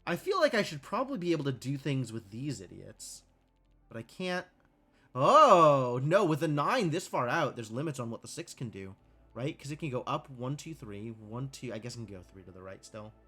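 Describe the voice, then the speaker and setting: Man, livestream gameplay commentary, lively up-and-down intonation, mid pitch. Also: a little fast, breathy edge, faint music behind. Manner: thinks aloud, muttering questions to himself; chats with viewers, laughing easily.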